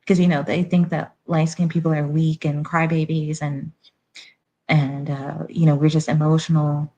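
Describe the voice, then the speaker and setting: A woman's voice: low-pitched, flat delivery, normal speed, warm tone. Blunt, sassy woman livestreamer. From Haiti. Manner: blunt and sassy, fires rhetorical questions. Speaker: livestream commentator. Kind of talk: casual live-stream commentary.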